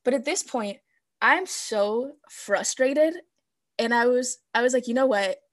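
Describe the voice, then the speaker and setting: Young woman guest, kinda high voice, telling her story all animated, acting out old convos. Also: fairly quick. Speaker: podcast guest. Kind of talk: casual chat.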